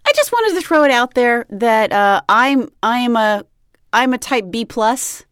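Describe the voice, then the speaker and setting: A woman's voice: a little high, animated, a little slow, fairly bright tone, smooth, no echo, clean studio sound. A woman hosting an interview, conversational and reflective, affirming her guest. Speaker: interview host. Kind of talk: casual interview chat.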